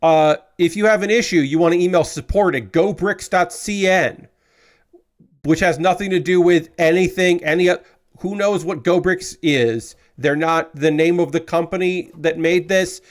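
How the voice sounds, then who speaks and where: Frustrated male streamer, rambling chat with fillers, voice a touch high. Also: moderate pace. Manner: rambling, with many fillers and swearing. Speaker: streamer building model kits. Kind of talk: casual live-stream chat.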